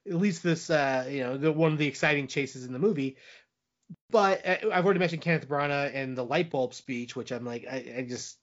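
A man's voice: mid-range voice, a little fast, lo-fi sound. A man co-hosting a podcast, chatting casually about a film in a rambling way, restarting sentences as he goes. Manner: rambling, with frequent restarts and hedging fillers. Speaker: podcast co-host reviewing movies. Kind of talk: casual chat.

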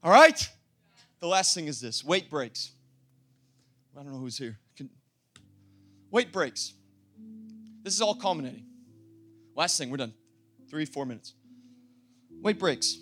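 A young adult pastor delivering an impassioned sermon, often rising to shouting. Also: male voice, fairly high pitch.

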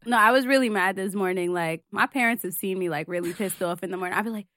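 A woman's voice: medium pitch, quick pace, fairly bright tone, no echo, clean studio sound. A woman with a New York accent hosting a podcast, telling stories in a casual chat, laughing often and swearing freely. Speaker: podcast host.

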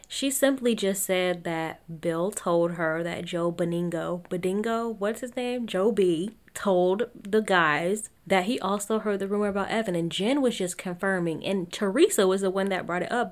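A young woman recapping a reality show in a casual, chatty way, full of opinions and quick laughs. She calls her listeners y'all and talks to them like friends, in a voice of middle pitch.

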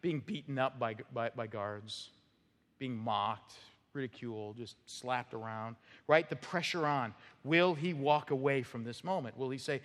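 A male pastor preaching an expository sermon, emphatic, with rhetorical "right?" checks and sudden drops to a quiet voice. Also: medium pitch, a little slow. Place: church sanctuary. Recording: reverberant hall sound.

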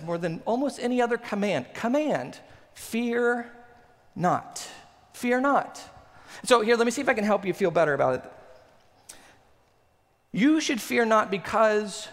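Male pastor, 30s; high voice, animated conversational sermon, long reverb. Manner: animated, conversational preaching with laughs.

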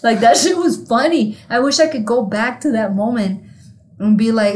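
A woman co-hosting a podcast in casual chat, talking candidly and with plenty of swearing, growing animated when something amuses her. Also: on the high side, normal speed. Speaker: podcast co-host.

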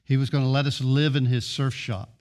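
A man's voice: medium pitch, little pitch movement, fairly quick, darkish tone. A man preaching a sermon, building emphatic rhythmic lists of short phrases and often restarting his words as he presses a point. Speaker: pastor.

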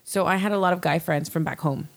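A young woman talks casually with a slightly low voice. She tells her story in a rambling, candid way, full of fillers and restarts. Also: quick pace, creaky. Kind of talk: casual chat.

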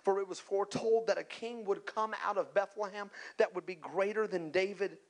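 A man with a notably high voice delivers a sermon, building to emphatic peaks and calling out to the room. He slips into casual asides between points and often repeats a word as he restarts. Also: normal speed. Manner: emphatic preaching with call-outs to the congregation; conversational asides and repeated words. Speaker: pastor.

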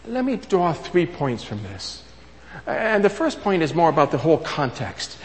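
A man preaching a sermon, emphatic, repeating his key phrases and swinging between loud and soft. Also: fairly high pitch, big pitch swings, a little fast, a little hiss or hum. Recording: long reverb of a large hall.

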